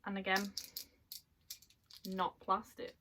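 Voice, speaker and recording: Lady doing an unboxing vlog in her bedroom, chatty, giggly, bit of background hiss. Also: mid-range voice. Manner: chatty and excitable, quick little laughs. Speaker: vlogger. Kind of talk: casual unboxing chat. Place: at home, in a bedroom.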